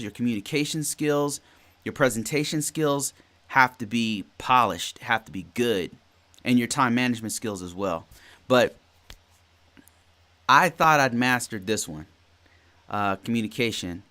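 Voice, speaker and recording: Guy in his 40s on a podcast, low voice, rambly, keeps restarting his sentences. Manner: rambling, repeats and restarts phrases, animated storytelling. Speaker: podcast host. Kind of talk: casual solo podcast talk.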